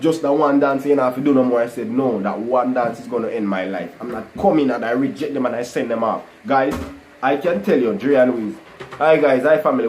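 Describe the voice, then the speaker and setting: A man telling a personal testimony to a live online audience, animated and full of "guys" and "you know". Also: medium pitch, slight background noise, low-quality recording. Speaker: livestream host telling his testimony.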